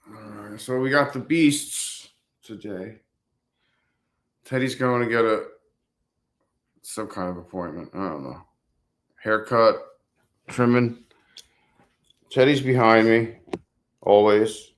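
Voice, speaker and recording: A man's voice: on the low side, lively intonation, takes it slowly, long pauses. A man hosting a casual live stream, rambling to his viewers and talking to his dogs.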